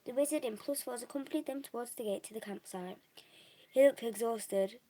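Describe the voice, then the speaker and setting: A woman's voice: on the high side, a little fast, warm tone, poor audio. A young woman reading a novel aloud, unpolished, with small restarts and slips. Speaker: reader.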